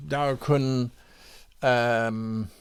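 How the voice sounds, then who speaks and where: A man in the middle of a live-streamed worldbuilding session, musing at a very slow, unhurried pace. He reads viewers' suggestions aloud and sounds them out by repeating them. He hesitates often as he thinks through each idea. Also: mid-range voice, steady tone, clear, resonant tone. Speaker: game master streaming campaign design.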